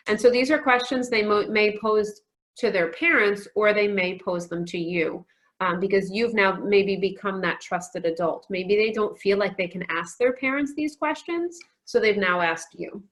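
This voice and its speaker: Speaking at normal speed with a medium-pitched voice, this woman in her forties is a counselor presenting at a virtual conference. She tells warm stories peppered with frequent "um"s.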